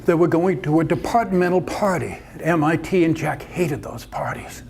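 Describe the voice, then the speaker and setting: A man narrating a story with vivid drama. His voice is gravelly and sits a bit high for a man. A faint hum runs under the recording. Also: moderate pace, darkish tone. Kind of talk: told story performance.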